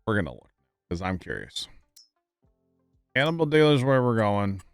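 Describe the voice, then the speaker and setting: A man's voice: lowish voice, big pitch swings, normal speed, clear, resonant tone, no echo, faint music behind. A man streaming a farming game live, chatting casually and easygoing with his chat and fellow players. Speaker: livestreamer.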